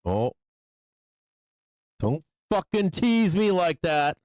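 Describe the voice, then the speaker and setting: A man hosting a live trading stream, swearing and impatiently yelling at the price chart, with excitable bursts and frequent laughs. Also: a little high, takes it slowly, dry recording. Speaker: live trading show host. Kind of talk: live-stream market commentary.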